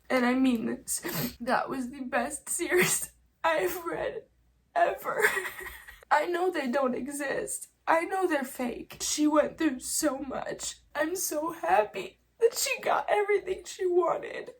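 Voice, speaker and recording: A woman's voice: very high-pitched, slow pace. A young woman talking casually to camera in a vlog, chatty and self-mocking, often emotional and laughing through tears. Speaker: vlogger.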